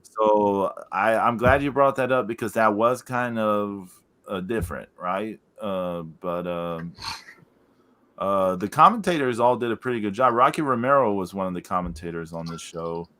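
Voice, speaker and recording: A man's voice: fairly low pitch, expressive, moderate pace, sharp tone. A man co-hosting a podcast in casual chat, rambling with lots of fillers and laughing as he recounts things. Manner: amused, laughs while recounting. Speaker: podcast co-host.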